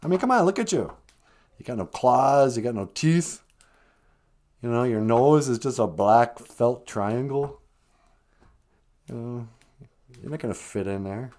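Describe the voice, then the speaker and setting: A man's voice: mid-range voice, animated, darkish tone, natural voice. A man voicing a sly, bossy male fox who mocks and bluntly talks down to a smaller friend. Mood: mocking. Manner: fast, mocking and blunt, laughs at the other.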